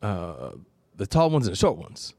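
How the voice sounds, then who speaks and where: A man's voice: low-pitched, huge pitch swings, moderate pace, a little mellow, dry recording, heavily acted. A man voicing a cocky teenage boy who sounds eager and boastful. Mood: guessing.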